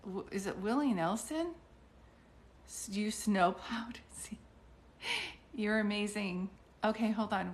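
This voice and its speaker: A woman's voice: medium pitch, slow, long pauses. Chatty woman medium, rambling restarts. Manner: chatty, rambling, many restarts and fillers, hums song snippets. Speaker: psychic medium doing live readings. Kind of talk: casual live-stream reading.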